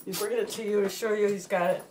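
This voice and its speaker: A woman in a home video, cheering her dog on in an excited sing-song voice. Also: medium pitch, quick pace, background noise. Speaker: dog owner filming her pet. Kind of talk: home video pet talk. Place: home room. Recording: echoey home room.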